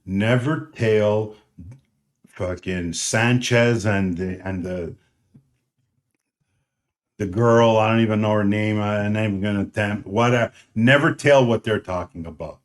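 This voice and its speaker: A middle-aged man co-hosting a podcast in casual chat, blunt and loud, swearing constantly. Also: fairly low pitch, moderate pace. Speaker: podcast co-host.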